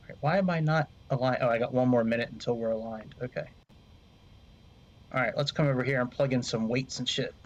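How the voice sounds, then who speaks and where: A man narrates his flight sim session in a loose, rambling way, swearing casually and chatting with viewers. His voice sits in an ordinary middle pitch. The desk mic sounds a little muffled and lo-fi. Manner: rambling, swears freely, talks to chat. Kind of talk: casual gameplay commentary.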